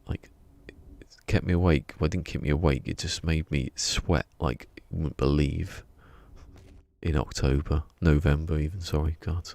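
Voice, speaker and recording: Man, deep voice, gravelly, rambling stream chatter, muttering to himself. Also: fairly even intonation, normal speed, a little mellow. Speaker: game streamer. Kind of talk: casual live-stream chat while playing.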